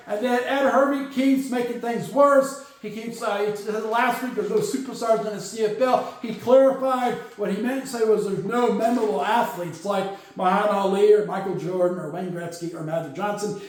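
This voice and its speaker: A man with a very high voice hosts a casual football news show. He rambles through stories with lots of fillers and sarcastic asides. His voice rings out in a very echoey room. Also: steady tone, normal speed, few pauses. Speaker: football podcast host. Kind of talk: casual sports news commentary.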